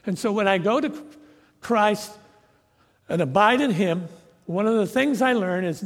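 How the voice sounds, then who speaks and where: A man's voice: high-pitched, lively intonation, measured pace, long pauses, long reverb tail. A man preaching a sermon as a professor, telling a story and acting out what the people in it say. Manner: storytelling with acted-out quotes. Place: church sanctuary.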